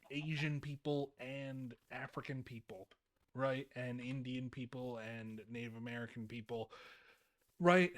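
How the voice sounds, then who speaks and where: A young man streaming a game, rambling in casual commentary with frequent laughs and repeated words. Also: mid-range voice.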